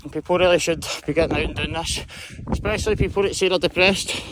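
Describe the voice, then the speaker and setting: A Scottish man vlogging as he hikes a snowy mountain, excitable and sweary as he talks to the camera. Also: a little high, quick pace, noisy background. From Scotland. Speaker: hiking vlogger. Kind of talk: casual vlog narration while hiking.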